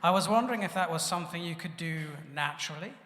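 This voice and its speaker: A man moderating a live panel, brisk and upbeat, reading out audience questions. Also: on the high side, fairly bright tone. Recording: echoey hall, live event.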